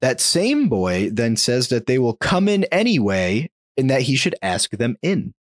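A man relates a creepy tale to his co-hosts in an easy, chatty way. His pitch rises and falls a lot, and he laughs lightly between beats. The sound is dry and close, with no room echo. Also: unhurried. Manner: animated, chuckles while telling a spooky tale. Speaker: podcast host telling a story. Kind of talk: casual storytelling.

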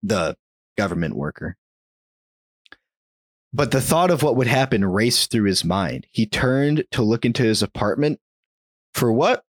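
A man relates a creepy tale to his co-hosts in an easy, chatty way. His pitch rises and falls a lot, and he laughs lightly between beats. The sound is dry and close, with no room echo. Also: measured pace, pauses often, slightly rough. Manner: animated, chuckles while telling a spooky tale. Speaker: podcast host telling a story. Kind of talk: casual storytelling.

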